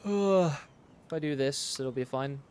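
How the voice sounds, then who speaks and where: Streamer, man, mid pitch; casual thinking-aloud game commentary, relaxed and matter-of-fact. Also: unhurried, smooth. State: sleepy, yawning. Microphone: studio dynamic mic.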